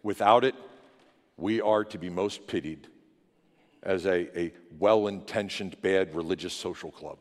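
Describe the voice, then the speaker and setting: A male pastor delivers his sermon in a fervent preaching voice that climbs into loud, ringing declarations. His words trail off into the long echo of a large church sanctuary. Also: sits low, a little slow. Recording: long hall reverb in a church.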